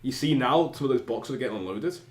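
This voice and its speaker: A man's voice: medium pitch, lively intonation, fast. A man narrating a tabletop game as game master, chatty and loose with many fillers. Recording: echoey room with some noise.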